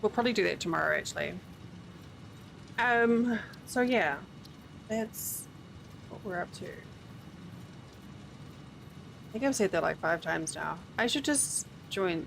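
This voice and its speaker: Tired, chatty woman streamer with gravelly fry. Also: mid-range voice, lively intonation, a little slow, long pauses, a bit bright, a little hiss or hum. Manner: rambling, chatty, yawning. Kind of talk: casual gaming stream chat.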